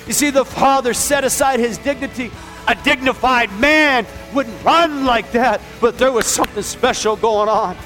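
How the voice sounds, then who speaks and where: High-voiced emphatic preacher man. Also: moderate pace, soft background music. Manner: emphatic, repetitive, rising to shouts. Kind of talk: sermon.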